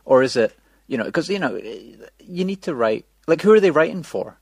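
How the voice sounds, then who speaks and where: Husky guy on a podcast, dry sound, stumbles over his words. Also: on the high side, normal speed, dry recording. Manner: stammering, exasperated, animated. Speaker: podcast co-host. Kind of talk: casual chat.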